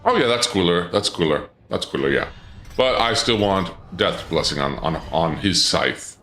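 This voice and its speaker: Chatty low-voiced man streaming a game. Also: lively intonation, normal speed, sharp tone, reverberant, faint music behind. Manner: chatty, thinks aloud, answers chat. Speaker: gaming streamer. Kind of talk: casual live-stream commentary.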